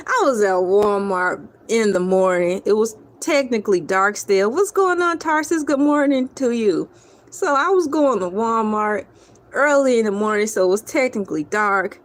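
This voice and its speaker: A woman's voice: a little high, a bit bright. A woman vlogger telling a comic story in a casual, theatrical way, talking straight to her viewers. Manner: theatrical, playful, addresses viewers as y'all.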